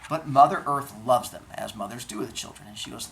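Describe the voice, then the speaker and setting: A woman teacher telling myths to a class in animated, jokey comic storytelling with chatty asides. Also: extremely low pitch, fairly quick, gravelly, few pauses, roomy sound, poor audio.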